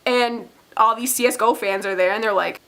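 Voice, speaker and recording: A young woman telling a story in a casual vlog, rambling and excitable, full of fillers, her voice jumping up when she acts out her own reactions. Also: fairly high pitch, brisk. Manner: excitable, many "like"s, swearing, squeals when acting out her reactions. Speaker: vlogger.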